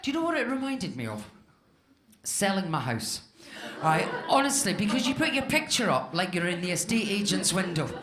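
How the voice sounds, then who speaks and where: Lively woman in her fifties doing stand-up. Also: mid-range voice, moderate pace. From Scotland. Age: 50s. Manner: chatty, self-mocking, talks straight to the crowd. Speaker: stand-up comedian. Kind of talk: stand-up comedy set. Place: comedy club stage. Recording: live club room with echo and audience laughter. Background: audience laughter.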